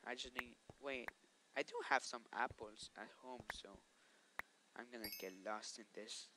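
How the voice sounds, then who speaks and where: A man's voice: mid-range voice, fairly even intonation, normal speed. Chatty man narrating his gameplay, noisy recording. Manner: chatty, scolds game monsters aloud. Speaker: let's play host. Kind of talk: casual gameplay commentary.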